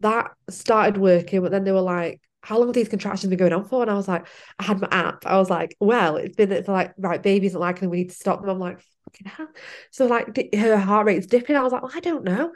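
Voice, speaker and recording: A woman's voice: mid-range voice, fast. A young woman, telling her own story in a casual interview, laughing often and acting out what she said back then. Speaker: podcast guest.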